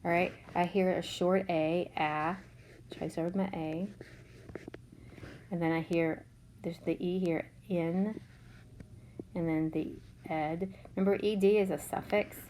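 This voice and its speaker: Lowish woman teacher spelling words out slow for kids, noisy background. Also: steady tone, warm tone. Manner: slow, patient, sounds out letters. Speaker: third grade teacher. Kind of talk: remote spelling lesson.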